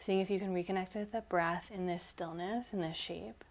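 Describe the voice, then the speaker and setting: A woman's voice: on the low side, moderate pace. Slightly winded woman guiding yoga. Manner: encouraging, calm instructional cues. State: slightly out of breath. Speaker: yoga instructor. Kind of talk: guided yoga class cues.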